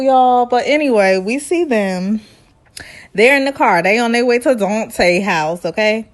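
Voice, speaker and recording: A woman in her late twenties hosting a casual, sassy reality TV recap, acting out the people she talks about and laughing often. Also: mid-range voice. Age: 20s. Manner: sassy, animated storytelling with impressions and laughter.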